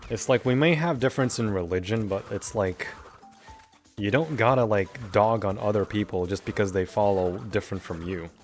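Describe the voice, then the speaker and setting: A man's voice: fairly low pitch, moderate pace, soft background music. Laid-back young man chatting while streaming. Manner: chatty, laid-back, talking back to chat between moves. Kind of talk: casual chat while streaming a game.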